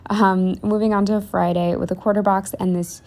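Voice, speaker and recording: A woman's voice: mid-range voice, flat delivery, normal speed, darkish tone. A young woman chatting casually through a planner voiceover, rambling with lots of ums and likes. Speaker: planner vlogger.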